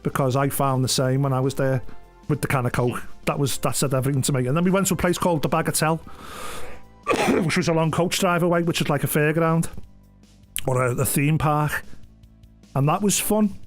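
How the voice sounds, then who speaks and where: A man's voice: a little high, brisk, soft background music. A middle-aged man, chatting casually on a live stream, rambling through anecdotes with frequent swearing and laughs. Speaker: game streamer.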